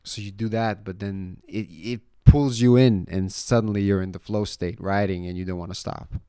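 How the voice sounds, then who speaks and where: A young man chatting casually about his life in a vlog. He swears freely, leans on "you know" and "man", and gets louder when he retells a story. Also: on the low side, fairly even intonation, moderate pace, clean tone, no room sound, studio quality. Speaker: vlogger.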